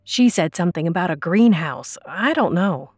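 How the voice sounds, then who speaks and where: A woman's voice: fairly low pitch, expressive, normal speed, a little mellow, breathy edge, dry recording, studio quality. Woman voicing Jeannie, breathless defiant student. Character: young woman student, frightened but defiant.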